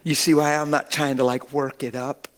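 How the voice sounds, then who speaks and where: A man's voice: mid-range voice, little pitch movement, moderate pace. A middle-aged man preaching a sermon as a pastor, exuberant and folksy, breaking into laughter.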